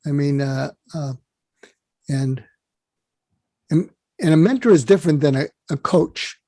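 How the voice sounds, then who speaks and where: Male interview guest, fairly high voice, dry sound; rambling storyteller who restarts often. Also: unhurried, warm tone, no room sound. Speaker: psychiatrist guest.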